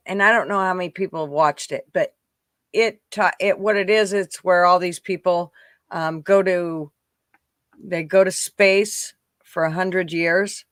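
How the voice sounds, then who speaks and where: Man, bright edgy voice, dry close sound, casual profane podcast talk with laughs. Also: sits high, unhurried, no room sound. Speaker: podcast co-host. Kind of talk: casual chat.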